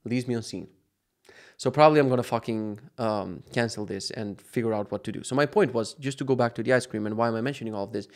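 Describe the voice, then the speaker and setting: A man's voice: medium pitch, fast talker. A man hosting his own podcast, talking casually, swearing often and wandering off on tangents. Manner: profane, ranting, wandering off on tangents. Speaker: podcast host. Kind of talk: casual rambling monologue.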